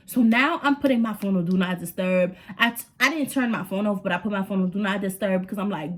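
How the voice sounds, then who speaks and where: A young woman telling an animated storytime vlog, slangy and talking straight to her viewers. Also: mid-range voice, a little fast, hardly any pauses. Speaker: vlogger. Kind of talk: storytime vlog, casual chat.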